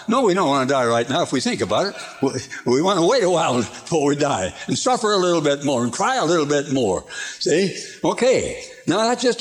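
An older man preaching a sermon in a folksy storytelling way, chuckling through his anecdotes, from an archive recording. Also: on the high side.

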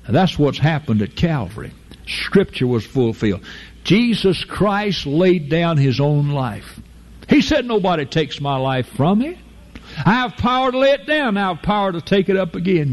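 A man preaching a fervent, folksy sermon, leaping to high emphatic peaks and slowing down to draw out key phrases. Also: very animated. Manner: fervent, with sudden jumps to a high emphatic pitch and drawn-out slow phrases; folksy, informal grammar, addresses listeners as folk.

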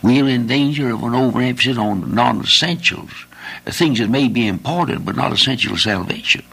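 Gravelly-voiced older man preaching. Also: medium pitch, brisk, fairly bright tone. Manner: folksy, repetitive preaching with rhetorical questions. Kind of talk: sermon.

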